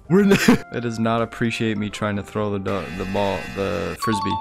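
A young man giving casual gameplay commentary, excitable and jokey, often laughing. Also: fairly low pitch, moderate pace, gravelly, over music. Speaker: gaming YouTuber.

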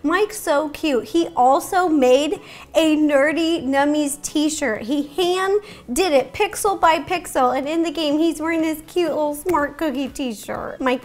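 A woman's voice: high-pitched, animated, measured pace. A woman in her thirties hosting a baking tutorial, bubbly and playful, making little sound effects as she works. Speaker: baking show host.

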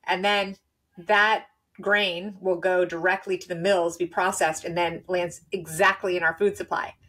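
A woman guest in a conversational interview, telling her story in a lively way with restarts and laughs. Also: lowish voice. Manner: animated, quick, with laughs and restarts.

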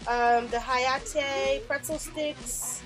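A young adult woman vlogging a snack box unboxing, gushing with excitable exclamations as she tastes each treat. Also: high-pitched, drawn-out words, over music. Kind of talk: casual unboxing chat.

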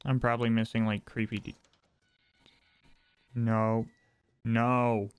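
A man's voice: medium pitch, level tone, slow pace, smooth, no room sound. A man giving let's play commentary on a horror game, talking to himself, jumpy and wry as he explores. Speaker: gaming channel host.

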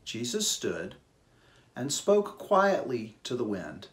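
Slow, gentle-voiced man leading worship. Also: mid-range voice, sing-song. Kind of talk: church service reading. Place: church service.

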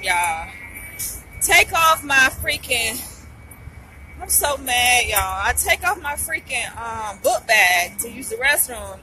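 A woman's voice: a little high, bright, forceful tone, rough recording. A young woman, venting in a casual vlog. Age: young adult. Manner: upset, venting, says y'all a lot. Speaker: vlogger.

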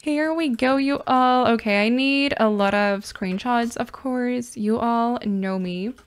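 A woman giving casual gameplay commentary, gushing and excitable, often squealing and laughing over cute moments. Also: on the high side, slow pace, clean tone. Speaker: gaming channel host.

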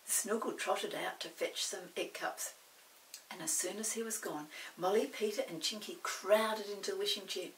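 An older woman reading a children's book aloud, expressive and animated. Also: mid-range voice, moderate pace, far from the mic, slight background noise, low-quality recording. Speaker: storyteller.

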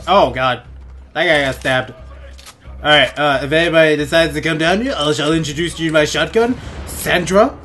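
A young man giving crude, goofy gameplay commentary on a headset in his bedroom, often laughing and yelling out suddenly. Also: a little high, normal speed, slight background noise. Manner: goofy, giggly, crude jokes, sudden loud outbursts. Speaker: gaming let's play host.

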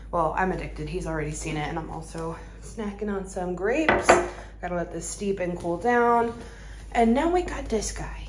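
A woman's voice: lowish voice, a little hiss or hum, poor audio. A young woman chatting casually in a vlog, full of likes and ums, cooing baby talk at her dog now and then. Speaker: lifestyle vlogger.

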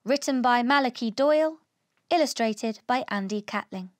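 A woman reading a children's picture book aloud in an expressive, animated way. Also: fairly high pitch, moderate pace, no echo, clean studio sound. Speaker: storybook reader. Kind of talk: children's storybook read-aloud.

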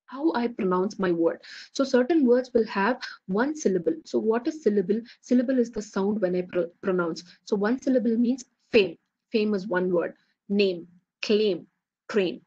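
A woman teaches an online lecture, stopping often to check in with "okay". Her voice is mellow and a bit husky. The audio is dull and lo-fi. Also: medium pitch. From India. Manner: explanatory, repeats "okay" to check understanding.

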